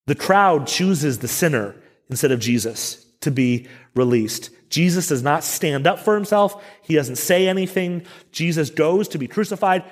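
A man's voice: medium pitch, expressive, measured pace. A middle-aged man preaching a Sunday sermon as pastor, conversational, with self-deprecating asides. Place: church sanctuary. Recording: long church reverb.

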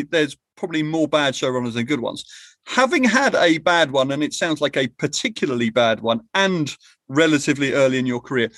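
A man hosting a podcast, asking thoughtful, drawn-out interview questions in a casual tone. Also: fairly high pitch, a bit bright, dry recording. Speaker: podcast host.

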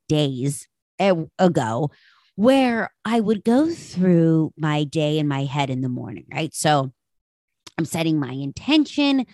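Woman podcast host, unhurried and lowish, candid and self-mocking, casual chat. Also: a little mellow, dry recording, clean studio sound. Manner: candid, self-deprecating storyteller; frank, swears casually. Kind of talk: casual personal monologue.

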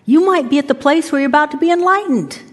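Animated woman preaching in a reverberant hall. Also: high voice, fast talker. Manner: animated, acts out inner voices, shouts commands. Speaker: pastor. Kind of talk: sermon.

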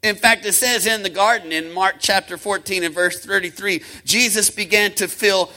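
A male pastor preaching a sermon, rhythmic and impassioned, with fast runs, slow drawn-out emphasis and calls to the congregation. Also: high voice, steady tone, bright, forceful tone, low-quality recording. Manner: swings from quick talk to slow, drawn-out emphasis.

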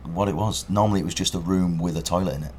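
A man's voice: deep voice, quick pace, a little mellow. A young English man co-hosting a podcast, chatting casually and teasing his partner as he explains British words. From England. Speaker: podcast co-host. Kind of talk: casual chat. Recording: faint background noise.

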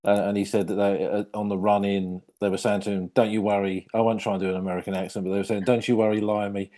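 A podcast host with a very deep, mellow voice talks through history in a conversational interview. He is thoughtful and often circles back over his words before making his point. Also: little pitch movement, rapid-fire. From Britain. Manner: thoughtful, repeats words as he thinks.

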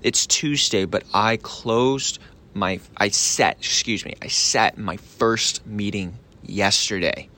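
A young man hosting a solo sales podcast, talking casually and excitedly, often asking "right?" and acting out both sides of a phone call. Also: on the low side, slow.

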